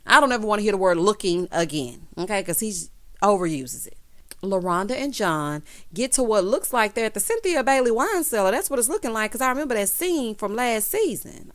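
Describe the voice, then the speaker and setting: A woman's voice: medium pitch, animated, moderate pace. Sassy woman recapping reality TV. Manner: sassy, calls viewers honey and baby; acts out quoted lines in changed voices. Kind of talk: casual reality show recap.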